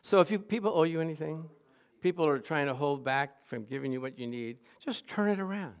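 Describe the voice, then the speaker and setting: Animated, higher-voiced male pastor preaching. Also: brisk, clean tone. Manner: animated storytelling with laughs, rising to loud exclamations. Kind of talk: sermon.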